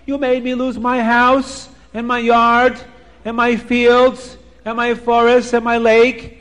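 A man's voice: completely flat delivery, slow, fairly bright tone, in a large hall, exaggerated voice. A man doing a wailing, sobbing old beggar. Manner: sobbing, high and pleading.

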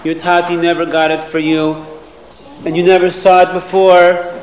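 A man telling a moral story to children in an animated, sing-song way, full of questions to his listeners. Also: high-pitched, moderate pace, reverberant.

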